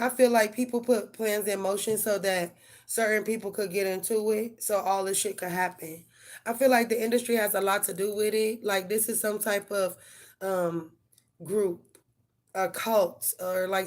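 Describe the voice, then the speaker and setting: A middle-aged woman, giving tarot readings on a live stream and talking blunt and profane to her viewers. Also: medium pitch. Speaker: tarot reader.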